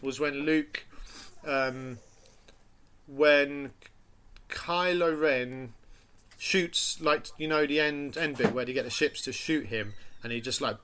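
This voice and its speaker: A man's voice: mid-range voice, a bit bright, a little hiss or hum. A man in casual chat, rambling enthusiastically about a film and acting out quotes.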